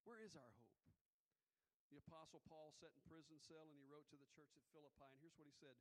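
A man's voice: a little high, fast, rough recording. Emphatic, folksy male pastor preaching. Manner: conversational and emphatic, with folksy asides. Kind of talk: sermon.

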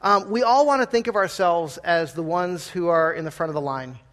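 A man preaching a sermon in a church, talking conversationally, with gentle humor and frequent questions to the congregation. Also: high voice, normal speed. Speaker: pastor. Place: church sanctuary.

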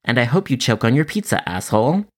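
A man's voice: mid-range voice, sing-song, fast. A man voicing a rude, threatening male customer who taunts and swears. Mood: sneering. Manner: sneering, taunting.

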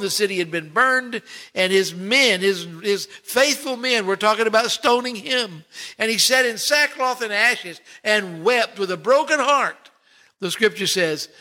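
A man preaching a sermon in a high, bright voice. He leans on single words, slows to a near stop, then lifts again in rising swells. His delivery is deliberate and heartfelt, built for a congregation. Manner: preaching with dramatic pauses and swells. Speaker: pastor.

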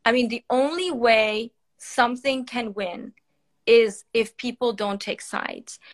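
A woman's voice: on the high side, takes it slowly. A woman physician from Iran, speaking earnestly and with passion in a live-stream chat while holding back tears, with many fillers and restarts. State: tearful, holding back crying. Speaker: palliative care physician and podcaster, guest. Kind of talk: emotional live-stream conversation.

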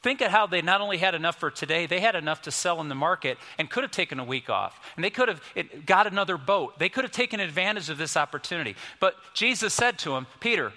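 A man in his fifties preaching a sermon, storytelling and moving between soft, quiet passages and emphatic ones. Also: high voice, expressive, fast, few pauses. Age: 50s. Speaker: pastor. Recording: music under voice, long reverb.

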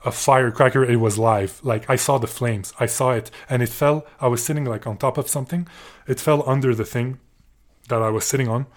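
A man's voice: medium pitch, steady tone, brisk. A young man from Canada telling a rambling, sarcastic story on his podcast, swearing often and restarting his sentences. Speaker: podcast host. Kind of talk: casual storytelling monologue.

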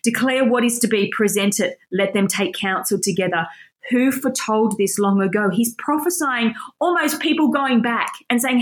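A woman's voice: fairly high pitch, moderate pace. A woman teaching scripture with enthusiasm, reading passages aloud and breaking in with emphatic, insistent comments. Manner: passionate and insistent. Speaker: Bible teacher. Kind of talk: Bible teaching.

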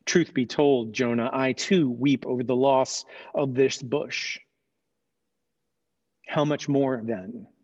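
A man's voice: medium pitch, husky. A man voicing God as a stern yet tender fatherly deity in a dramatized sermon retelling, earnest and emphatic. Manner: earnest, questioning, rising to emphatic. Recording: dull lo-fi recording.

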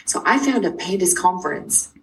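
A middle-aged woman, a guest, telling her own story quickly and emphatically, acting out the dialogue she quotes. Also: on the low side, animated. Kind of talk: animated personal storytelling. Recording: distant mic with faint noise.

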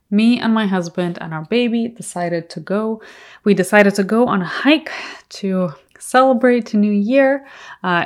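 A woman with a low-leaning voice and a gravelly fry at the ends of her phrases tells a personal story on her podcast. She speaks earnestly and reflectively, dwelling on her feelings. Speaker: podcast host.

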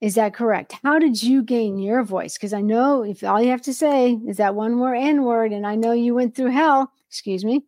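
A woman hosting an interview, talking animatedly and bluntly, with quick jumps in pitch. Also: darkish tone, dry recording, clean studio sound. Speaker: podcast host. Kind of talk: casual interview chat.

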